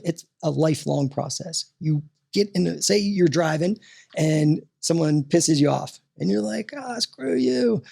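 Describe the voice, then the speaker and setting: A man talking as a podcast guest and coach, animated and motivational, often tossing in "right?" as he talks. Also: fairly high pitch, vocal fry, slightly rough.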